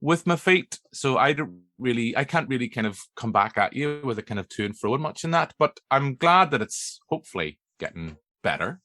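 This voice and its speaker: A Northern Irish man hosts a movie podcast in a loose, jokey ramble full of fillers. His voice is bright and forward. The recording is dry and close to the mic. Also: medium pitch, very animated, fairly quick, hardly any pauses, no room sound. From Northern Ireland. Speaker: podcast host. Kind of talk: casual chat.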